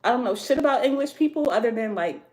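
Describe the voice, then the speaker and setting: A woman's voice: on the high side, lively intonation, fast, darkish tone. An American woman hosting a casual tarot livestream from home, chatting with viewers in loose slangy talk and laughing often. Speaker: tarot reader livestream host.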